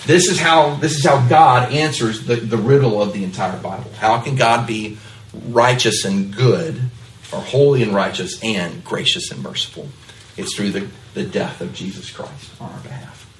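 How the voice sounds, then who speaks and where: A man preaching a sermon to a congregation, often checking in with "right?" and stretching key words slowly for emphasis. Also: on the low side, recorded from a distance, a little hiss or hum. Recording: roomy echo, speaker away from mic.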